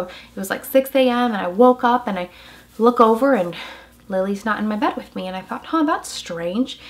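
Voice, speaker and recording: A young woman vlogging as a mother, telling a personal story in an emotional, halting way with many fillers. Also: medium pitch. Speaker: mom vlogger.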